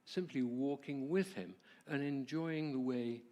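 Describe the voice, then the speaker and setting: A man presenting at a church, telling a personal story in a warm, conversational way and asking the audience questions. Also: mid-range voice, measured pace. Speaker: marriage ministry presenter.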